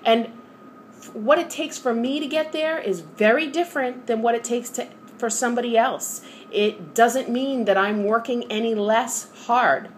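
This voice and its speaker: A woman's voice: a little high, moderate pace, slight background noise. A middle-aged woman with a New York accent, talking candidly and earnestly in a personal vlog, giving motivational encouragement to her viewers. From New York area. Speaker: vlogger.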